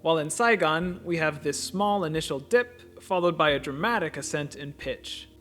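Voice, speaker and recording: Calm male narrator, slightly high voice, methodical lesson voice-over. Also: moderate pace, soft background music. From United States. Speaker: language teacher.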